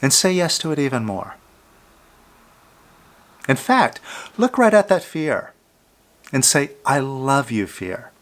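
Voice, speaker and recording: A man giving a calm self-help talk, coaching the listener directly and sometimes dropping to a soft, hushed voice. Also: on the high side, slow pace, long pauses. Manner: drops to a soft near-whisper on "I love you, fear".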